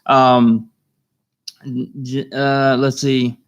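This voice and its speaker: A man hosting a live stream, reading viewer comments aloud, emotional and halting, repeating himself and choked up. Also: medium pitch, flat delivery, clear, resonant tone, lo-fi sound.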